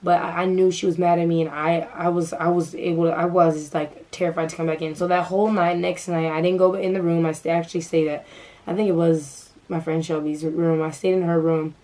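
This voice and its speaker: A young adult woman telling a storytime vlog in a casual, animated way, full of fillers, acting out what people said. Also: on the low side, a little fast, rough recording. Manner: animated, filler-heavy, acts out quoted dialogue. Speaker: vlogger.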